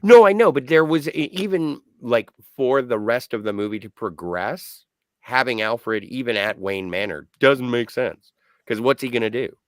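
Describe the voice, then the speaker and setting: A man's voice: medium pitch, normal speed, no echo. A man on a movie podcast giving wry, questioning commentary in casual chat. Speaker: podcast co-host.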